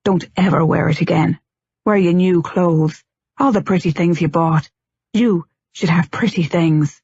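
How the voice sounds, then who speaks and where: A woman putting on a gruff, low-muttering grown man, impatient and ardent, for an audiobook. The voice sits lower than her own and comes across a little husky. The recording is dull and lo-fi in a dry room. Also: a little slow, darkish tone, no echo, heavily acted. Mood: commanding.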